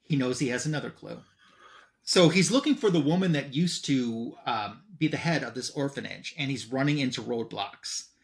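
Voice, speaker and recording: Animated man retelling a comic story. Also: moderate pace, vocal fry. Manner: animated, swings in pitch and loudness, many ums. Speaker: comic review show host.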